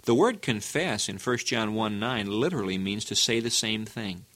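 A man's voice: moderate pace, a bit bright. A man preaching a sermon, earnest and emphatic, asking the listeners rhetorical questions. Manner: earnest, emphatic, with sudden rises in pitch.

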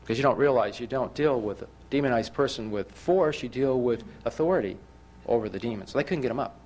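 A man preaching a sermon, telling a story with animated, emphatic rises and frequent restarts. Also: medium pitch, a little fast.

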